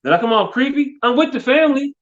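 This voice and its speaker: A man's voice: extremely high pitch, lively intonation, quick pace, a bit bright. A middle-aged man, telling rambling, profane stories as a podcast co-host and repeating "hey, look" often. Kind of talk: casual comedic chat. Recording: dull lo-fi sound.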